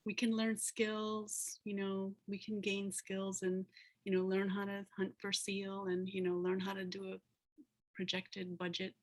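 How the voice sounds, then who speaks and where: A woman's voice: mid-range voice, little pitch movement, measured pace. A woman giving a casual storytelling talk as a guest speaker and planner, filling with "like" and "you know", heard over a video call.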